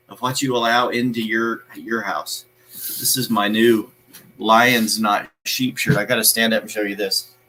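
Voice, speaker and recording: A man's voice: medium pitch, bright, forceful tone, poor audio. A man hosting a live motivational show, talking emphatically in a preachy way, repeating his key phrases and greeting viewers by name.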